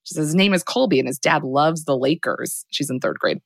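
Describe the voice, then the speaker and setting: Casual podcast host, young woman, low and dry, rambles through a film recap with lots of fillers. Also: brisk, gravelly, slightly rough, no room sound.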